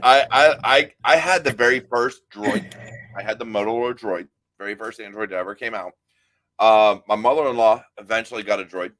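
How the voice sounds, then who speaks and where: A man's voice: fairly low pitch, brisk. Man, podcast host, casual chat, laid-back, swears, storytelling. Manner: laid-back, swears casually, tells stories with lively quoted voices. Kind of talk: casual conversation.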